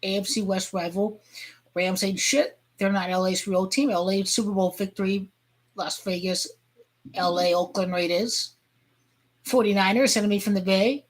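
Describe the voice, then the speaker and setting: A woman vlogger ranting crudely about football, rambling and heated, with sudden shouting outbursts. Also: mid-range voice, fairly even intonation, moderate pace. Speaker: sports fan vlogger. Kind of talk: profane football rant.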